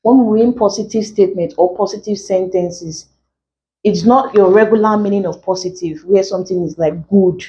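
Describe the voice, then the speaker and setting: A woman teacher giving an exam-prep lesson, explaining slowly, repeating key phrases and filling gaps with "like.". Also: medium pitch, warm tone, lo-fi sound. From Nigeria.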